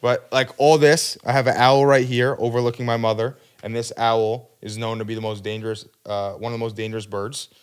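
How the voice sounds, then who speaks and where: A man's voice: mid-range voice, flat delivery, fairly quick, hardly any pauses, smooth. A man hosting a podcast in casual chat, laid-back and teasing.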